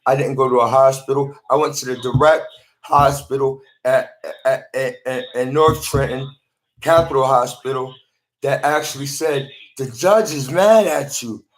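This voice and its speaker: A man's voice: medium pitch, little pitch movement, moderate pace. A man talking to a phone in a rambling monologue, often repeating and restarting his words.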